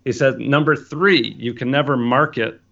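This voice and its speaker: A man tells an animated, casual story about how he got started as a wedding photographer, acting out the quoted dialogue. His voice is gravelly at medium pitch and normal speed, and the recording has its highs cut off.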